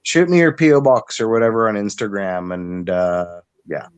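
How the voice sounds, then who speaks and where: A man's voice: lowish voice, sing-song, moderate pace, smooth, dry recording. A man in his thirties in casual chat on a stream, making dry joking asides.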